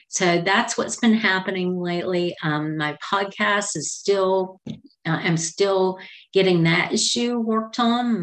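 A middle-aged woman hosting a podcast and telling a personal story in a chatty, meandering, heartfelt way. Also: on the low side. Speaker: podcast host.

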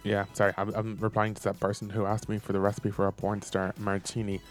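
A man co-hosting a casual chat show, reading out funny text messages in a playful, animated way and laughing often. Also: lowish voice, fast talker, soft background music. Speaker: podcast co-host.

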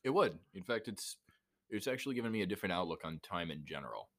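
Low-voiced animated man telling stories. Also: fast, no echo, clean studio sound. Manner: animated storyteller, acts out voices in anecdotes. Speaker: podcast guest. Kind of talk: casual chat.

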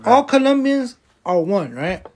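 A man's voice: high-pitched, big pitch swings, a little slow. A man in a casual debate with friends, agreeable and trying to mediate. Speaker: podcast co-host.

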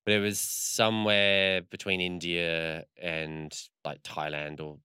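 A man's voice: low-pitched, flat delivery, takes it slowly, bright, forceful tone, clear, resonant tone, no room sound, clean studio sound. A man in casual chat, rambling through a story with lots of fillers and swearing.

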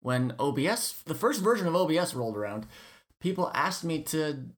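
A man from the Netherlands, a guest on a casual podcast, talking playfully with halting restarts and slipping in and out of put-on accents. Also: on the high side, sing-song. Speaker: guest, Let's Player.

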